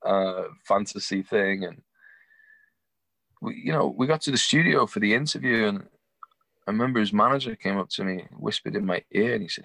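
A young man telling a rambling, animated anecdote with laughs, acting out the voices of the people in it. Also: on the low side, normal speed, creaky, dry recording. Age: young adult. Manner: acts out quoted voices. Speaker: guest. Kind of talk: casual storytelling.

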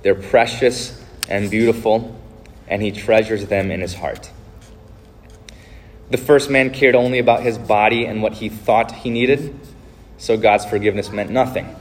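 A man's voice: on the low side, unhurried, long pauses, slight background noise. A male pastor giving a sermon, speaking earnestly and directly to his congregation.

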